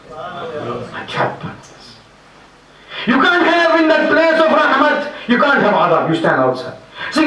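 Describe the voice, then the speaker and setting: A man's voice: very high voice, fairly bright tone. A man preaching a sermon, telling a story with feeling and acting out the dialogue of its people. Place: Islamic center lecture hall. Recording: echoey hall, mic far off.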